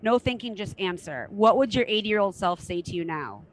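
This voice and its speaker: A woman's voice: mid-range voice, animated, normal speed, poor audio. A middle-aged woman hosting a casual interview podcast, frank and enthusiastic and swearing now and then. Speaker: podcast host.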